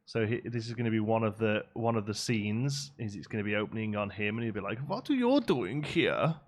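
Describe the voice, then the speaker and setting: Man, game streamer, casual running commentary, somewhat low voice, mouse clicks behind. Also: flat delivery, quick pace. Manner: chatty, answers chat, trails off while building.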